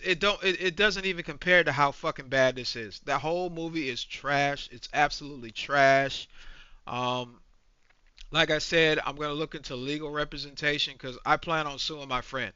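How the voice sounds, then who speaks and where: A man's voice: on the high side, sharp tone, clear, resonant tone, no room sound. A man in his forties ranting angrily in a profane, repetitive movie review. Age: 40s. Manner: ranting, profane, repeats himself. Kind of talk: angry reaction rant. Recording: dull lo-fi dry recording.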